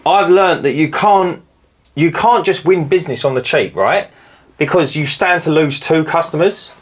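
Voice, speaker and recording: A man's voice: a little high, normal speed. A man, co-hosting a casual podcast chat about running a cleaning business, telling stories animatedly. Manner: animated storyteller, acts out customers in silly voices.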